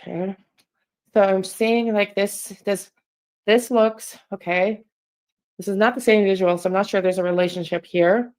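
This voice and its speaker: A woman reading tarot cards live for her viewers. She talks in a hesitant, halting way, stopping and restarting often, with a flat, level tone and a middle-pitched voice. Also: rough recording. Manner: hesitant, halting, self-interrupting. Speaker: tarot reader and channel host. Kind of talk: live-stream tarot reading, casual chat.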